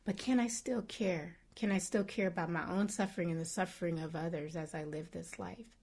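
A woman's voice: on the low side, fairly even intonation, fairly quick, a little mellow, husky. A woman meditation teacher gives a dharma talk at a retreat center. She speaks in a casual, reflective way, searching for words and restarting her phrases as she goes.

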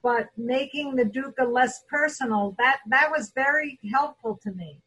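A woman's voice: high-pitched, moderate pace, fairly bright tone, husky, rough recording. A woman student speaking earnestly and reflectively about advice she found helpful. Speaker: student asking a question.

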